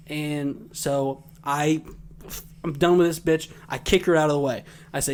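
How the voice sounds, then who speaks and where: Boisterous podcast host telling crude stories. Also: male voice, a little high, fairly quick, slight background noise. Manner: boisterous, deadpan punchlines, crude jokes. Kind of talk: comedic casual chat and storytelling.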